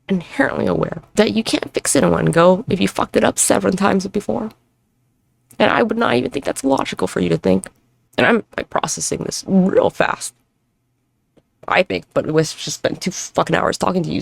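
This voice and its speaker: A woman in her thirties talks alone on her podcast, her voice heavily gravelly with vocal fry. The sound is dry and close. She rambles, swears freely, and hops from one thought to the next as she moves around the room. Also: lowish voice, fairly quick, dry recording. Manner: rambling, profane, self-reflective, jumps between topics; moving around while talking. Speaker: podcast host. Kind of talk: solo podcast monologue. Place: at home with neighbors nearby.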